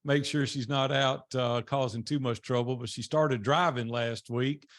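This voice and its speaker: A man's voice: medium pitch, steady tone, unhurried, a bit bright. An older man from Nashville with a Southern Tennessee drawl, telling his life story in a folksy, motivational guest talk. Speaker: guest speaker.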